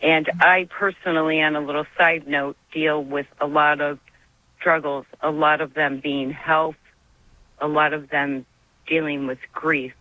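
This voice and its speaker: A woman's voice: sits low, level tone, unhurried, no echo. A woman calling in to a radio show, earnest and near tears as she speaks. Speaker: caller. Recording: tinny phone line.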